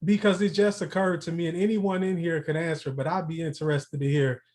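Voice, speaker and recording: A man from the United States asking the panel a long question in an earnest, deliberate way. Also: fairly high pitch, fairly even intonation, darkish tone.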